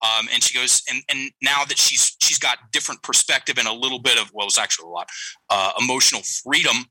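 A middle-aged man tells a story with lively energy, jumping into the voices of the people in it. His tone is strikingly bright and forward. The sound is dry and close, with no room around it. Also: medium pitch, fast, breathy edge, no room sound, rough recording. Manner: animated storyteller, acts out quoted lines. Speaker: guest, breathing and language coach. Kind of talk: storytelling interview talk.

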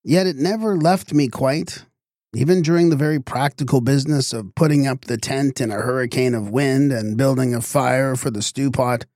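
A man narrating a literary story in a measured, expressive storytelling manner. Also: mid-range voice, dry recording, studio quality.

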